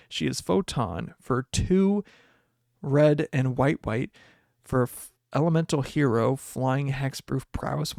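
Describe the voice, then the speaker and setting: A young man hosting a podcast, chatting casually and excitedly as he opens card packs and reads the cards aloud. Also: a little high, creaky, dry recording, studio quality. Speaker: podcast host. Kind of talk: casual card pack opening chat.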